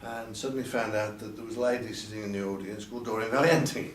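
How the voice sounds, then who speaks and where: A man's voice: fairly low pitch, steady tone, quick pace, slight background noise. Older man, candid interview, hesitant restarts, echoey room, faint background ambience. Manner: hesitant, repeats words, quotes others in a lifted voice. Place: event venue. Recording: roomy sound from a distant mic, faint ambience.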